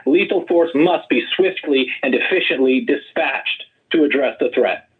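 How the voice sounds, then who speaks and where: A man running as a political candidate, talking loud and rambling and mocking his opponents in a heated online debate. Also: mid-range voice, normal speed. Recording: tinny call audio.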